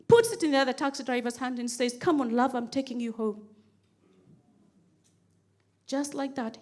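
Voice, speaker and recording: This Kenyan stand-up comedian has a high, bright voice and performs on a stage mic. She tells stories with animated energy, repeating phrases to build the comedy and acting out the pleas she quotes.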